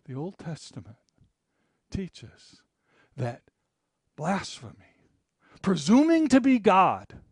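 A man preaching a sermon as pastor, swinging between loud emphatic lines and hushed, low passages. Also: wildly swooping pitch, takes it slowly, long pauses, slightly rough, dry recording, studio quality.

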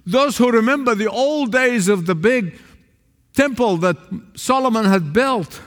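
A man preaching a sermon to a small congregation in a church, emphatic, swinging between raised calls and low, quiet asides. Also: expressive, a little slow. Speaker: pastor. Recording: long reverb of a large hall.

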